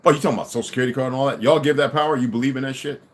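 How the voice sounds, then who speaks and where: A man's voice: mid-range voice, fairly even intonation, rapid-fire. A middle-aged man delivering an angry, profane ranting monologue to his audience, swearing and insulting as he goes. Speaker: livestream host.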